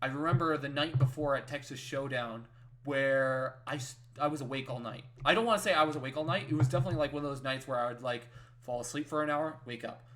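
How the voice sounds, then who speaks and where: Animated man telling a gaming story. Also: medium pitch, quick pace. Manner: animated, builds to excited yelling when retelling wins; talks in fillers and repeated tag questions. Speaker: podcast co-host. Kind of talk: casual storytelling chat.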